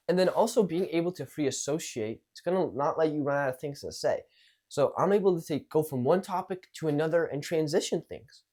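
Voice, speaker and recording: A man's voice: a little high, darkish tone. A young man coaching on social skills in a casual monologue, acting out example lines in jumpy voices and swearing casually.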